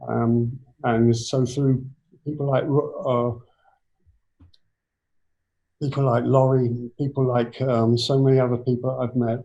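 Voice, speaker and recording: A man in his seventies with an English accent, a guest telling his life story in a rambling, halting way full of restarts. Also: mid-range voice, flat delivery, dark tone, lo-fi sound. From England. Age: 70s. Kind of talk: personal storytelling in an interview.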